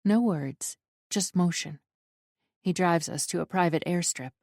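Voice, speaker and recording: A woman narrating a first-person romance audiobook in an even, measured reading. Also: fairly low pitch, gravelly, no room sound, clean studio sound.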